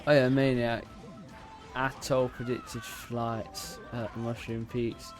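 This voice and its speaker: A male streamer talks to his chat at an unhurried, drawn-out pace, rambling and interrupting himself as he plays. His voice sits at an ordinary middle pitch. Faint music plays behind him. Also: flat delivery. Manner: bursts into loud repeated "no, no" while playing. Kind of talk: casual live-stream chat while gaming.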